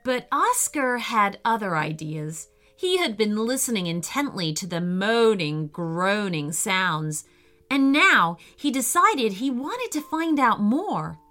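A woman reading a children's story aloud in a gentle, expressive way. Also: fairly high pitch, unhurried, hardly any pauses, soft background music.

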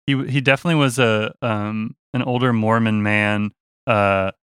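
A young man, a touring musician, telling a story in a casual chat, animated and laughing, slipping into voices for the people he quotes. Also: medium pitch, smooth, no echo, studio quality.

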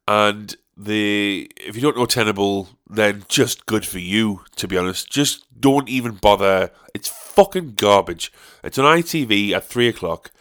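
A man's voice: on the low side, a little slow, hardly any pauses, a bit bright. A man hosting a podcast, ranting alone in a profane, sarcastic way. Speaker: podcast host. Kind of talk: solo podcast rant.

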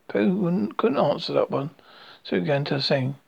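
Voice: medium pitch, lively intonation, vocal fry, darkish tone, breathy edge. A storyteller reading a children's storybook aloud, stumbling and restarting often. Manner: halting reading with frequent slips and restarts. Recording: dull lo-fi recording.

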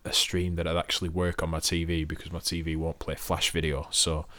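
A man's voice: extremely low pitch, level tone, fairly quick, sharp tone, no echo. A man co-hosting a podcast in casual chat, dry and matter-of-fact, swearing now and then. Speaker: podcast co-host.

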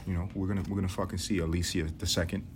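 Low-voiced guy from nyc rambling and cussing, muses out loud, slight noise. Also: level tone, very fast. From New York City. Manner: rambling, profane, muses aloud; mimics his grandmother in a high voice. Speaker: podcast host. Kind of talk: casual solo storytelling.

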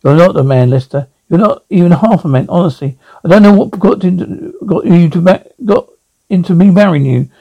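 A woman's voice: lowish voice, moderate pace, dull audio. An actress playing a middle-aged wife who talks to her husband with cutting contempt in a TV drama. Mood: scornful. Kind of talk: TV drama acting.

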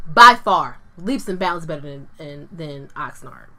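A woman in her thirties co-hosting a casual chat, animated and slangy, laughing often. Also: sits low, unhurried. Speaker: podcast co-host.

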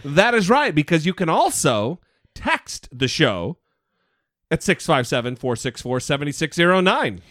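A man's voice: fairly high pitch, sing-song, measured pace, fairly bright tone, dry recording, studio quality. A man hosting a podcast, in blunt, profane and teasing casual political chat. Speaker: podcast host.

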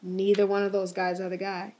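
A young woman hosting a podcast, chatting casually in an animated, rambling way, laughing often and swearing now and then. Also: medium pitch, brisk, a little hiss or hum. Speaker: podcast host. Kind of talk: casual chat.

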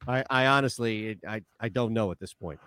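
A man's voice: lowish voice, normal speed, sharp tone, clean tone, dry recording. A man co-hosting a casual podcast chat, asking curious questions with wry humor. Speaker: co-host.

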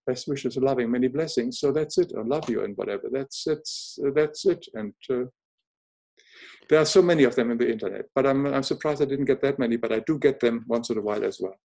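An older man with a German accent, speaking as an interview guest, gentle and earnest, pausing and restarting often on a video call. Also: mid-range voice, vocal fry. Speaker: guest, author and illustrator. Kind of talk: reflective interview conversation.

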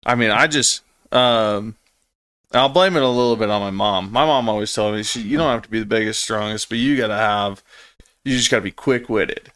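A man's voice: fairly low pitch, fairly quick, fairly bright tone. A man in his late twenties, a guest on a casual podcast, telling stories in a laid-back way and swearing freely. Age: late 20s. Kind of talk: casual chat.

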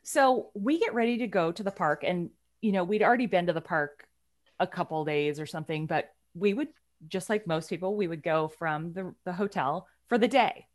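A woman in casual chat as a podcast co-host, telling a story in a chatty, animated way and often laughing. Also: lowish voice, normal speed.

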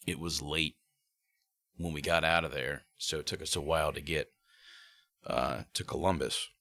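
A man's voice: a bass voice, fairly even intonation, moderate pace, gravelly, pushed and bright, no room sound. A man co-hosting a casual chat, laid-back, filling his talk with "like". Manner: laid-back, many "like" fillers. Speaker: podcast co-host, band member.

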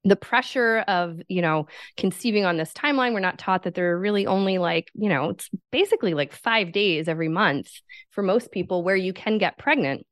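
A woman's voice: medium pitch, fairly quick, dry recording, clean studio sound. A woman author being interviewed on a podcast, speaking in an informed, assertive way with some casual swearing. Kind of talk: conversational interview.

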